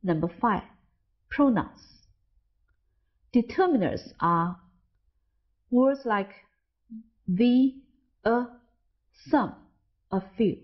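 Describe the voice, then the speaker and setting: Slow, deliberate woman reading a lesson. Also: a little high, expressive. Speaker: English teacher. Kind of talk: scripted lesson narration. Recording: dull lo-fi audio.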